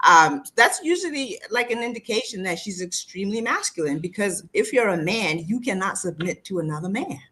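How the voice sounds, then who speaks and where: A woman guest on a casual panel discussion, speaking in a measured, explanatory way. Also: mid-range voice, animated, sharp tone, husky.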